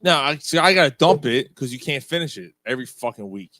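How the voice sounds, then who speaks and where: Podcast host guy, bright voice, jokey cursing banter, lots of ups and downs. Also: medium pitch, animated, fast. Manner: loud, joking and profane banter. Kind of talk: casual chat.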